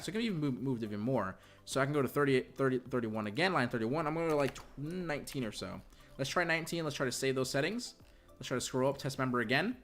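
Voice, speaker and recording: A young man hosting a casual software tutorial, rambling and checking in with "right?" as he explains, talking from a bedroom. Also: fairly high pitch. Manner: rambling, repeats "right?" and "you guys". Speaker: video tutorial host.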